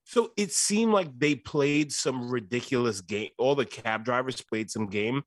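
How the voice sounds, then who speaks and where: A man's voice: medium pitch, measured pace, dry recording, studio quality. A man co-hosting a podcast, chatting casually and profanely about a movie and acting out scenes in quoted voices. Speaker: podcast co-host. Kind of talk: casual movie review chat.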